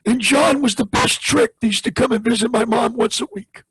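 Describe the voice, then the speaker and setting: A man preaching as he tells a testimony story, acting out each person in it with big swings of pitch. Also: animated, moderate pace, fairly bright tone, slightly rough, no echo, low-quality recording. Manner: dramatic retelling, acts out the voices in the story with big pitch swings. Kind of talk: sermon storytelling.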